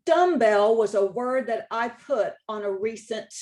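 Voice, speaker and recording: A woman giving a slide-based presentation on spelling rules, speaking slowly and deliberately, stressing key words and repeating points for emphasis. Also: a little high, expressive, a little mellow. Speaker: state spelling contest director.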